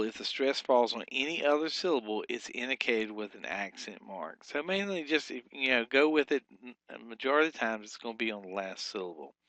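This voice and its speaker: A man teaching a recorded lesson, explaining patiently with fillers and slowly drawn-out example sounds. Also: medium pitch, a bit bright, no echo.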